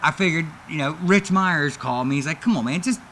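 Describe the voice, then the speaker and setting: A man's voice: a little fast, a little hiss or hum. A man casually telling stories from his wrestling career in an interview, animatedly acting out the people he quotes. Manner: animated, acts out quoted voices with big pitch jumps.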